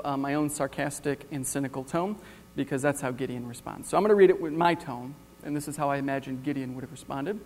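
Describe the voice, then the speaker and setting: A male preacher giving a sermon, retelling a Bible story in an animated, wry way. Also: fairly high pitch, big-room sound.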